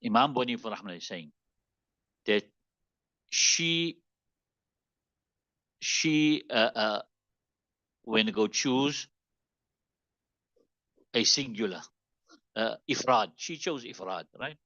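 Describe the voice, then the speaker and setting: A man teaching Islamic law in a classroom lesson. He reads Arabic passages quickly, explains them slowly in English, and keeps asking if the class understands. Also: mid-range voice, expressive, bright, forceful tone, dry recording, lo-fi sound. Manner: explains text line by line, asks "you understand it?" often.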